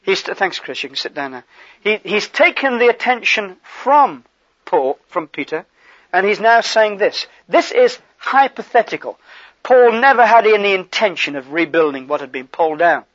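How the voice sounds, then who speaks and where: A man preaching a sermon in a conversational, animated way, with asides to the congregation. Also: sits high, moderate pace, no room sound, highs cut off.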